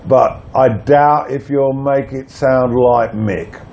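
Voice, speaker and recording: A man giving a spoken language lesson, reading song lyrics aloud and pausing often with hesitations. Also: medium pitch, steady tone, gravelly, a little mellow, lo-fi sound. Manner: slow, measured, with frequent hesitations. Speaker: language teacher.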